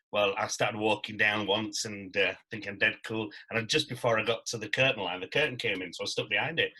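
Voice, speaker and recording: Actor, middle-aged, bright lively anecdote teller on a podcast. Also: male voice, lowish voice, breathy edge, low-quality recording. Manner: animated storyteller, acts out quotes. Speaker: guest, stage actor. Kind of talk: casual anecdote-telling.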